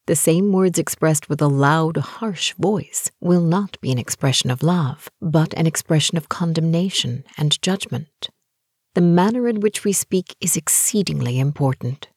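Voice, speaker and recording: A woman narrating a book in a soft, gentle voice that often drops to a whisper. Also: fairly low pitch, slightly rough, no room sound, studio quality. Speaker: audiobook narrator. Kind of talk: scripted narration of a relationship book.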